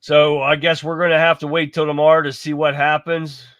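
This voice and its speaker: A man's voice: on the high side, level tone, fairly quick, fairly bright tone, muffled recording, a little hiss or hum. A man hosting a live stream, reacting with heated, profane rants and talking to his chat viewers. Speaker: livestream host.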